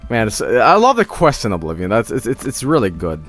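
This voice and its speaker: A male streamer giving excitable live commentary on a game, laughing and shouting exclamations. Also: on the low side, a little fast, soft background music.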